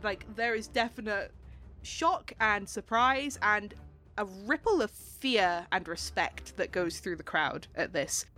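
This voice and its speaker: A woman narrating a tabletop game as game master, chatty, with many fillers and quick laughs. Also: mid-range voice, fairly bright tone.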